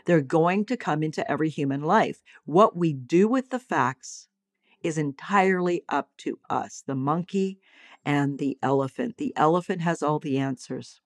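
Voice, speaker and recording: Expressive woman giving a dry, close talk. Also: low voice, normal speed, no echo. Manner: warm and expressive, calls listeners sweethearts and darlings. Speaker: psychologist and teacher. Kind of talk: motivational talk on acceptance.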